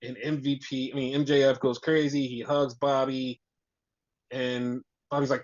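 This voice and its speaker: Casual podcast co-host, animated and profane, recapping wrestling over a dull, lo-fi recording. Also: mid-range voice, normal speed. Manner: animated, swears freely, acts out quotes.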